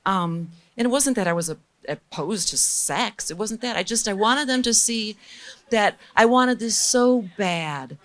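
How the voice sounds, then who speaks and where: A middle-aged woman being interviewed as a guest, telling lively, candid stories and acting out the people she quotes. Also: mid-range voice, a little slow. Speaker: guest recording engineer. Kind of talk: storytelling in a casual interview.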